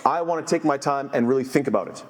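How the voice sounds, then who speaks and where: A man's voice: mid-range voice, quick pace, big-room sound. A man giving an earnest sermon as imam, quoting scholars in Arabic and then translating. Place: masjid.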